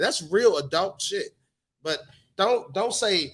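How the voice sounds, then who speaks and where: High-pitched frank man swearing casually. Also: animated, normal speed, slightly rough. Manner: frank, profane, acts out quotes. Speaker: podcast co-host. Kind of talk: casual chat. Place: bar on location.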